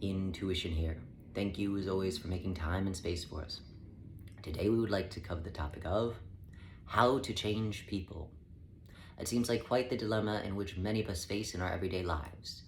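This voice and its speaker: Measured male channeler, deep-ish voice, roomy echo and faint hum behind; spiritual guidance read. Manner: measured, calm, speaks as "we" to the listener. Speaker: spiritual channeler speaking as a collective. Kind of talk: spiritual self-help talk. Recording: echoey room with faint ambient noise.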